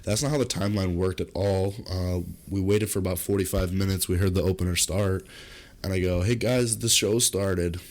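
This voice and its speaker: A young man with a very low voice tells a rambling party story on a casual podcast. He swears freely and keeps jumping into shrill, loud acted quotes. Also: moderate pace. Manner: animated storyteller, jumps high into acted quotes; swears freely, comic deadpan asides. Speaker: podcast co-host.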